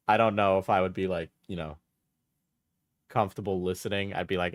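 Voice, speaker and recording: A man's voice: fairly low pitch, steady tone, moderate pace, pauses often, dry recording, studio quality. A man streaming live, casually rambling through his thoughts with restarts and trailing asides.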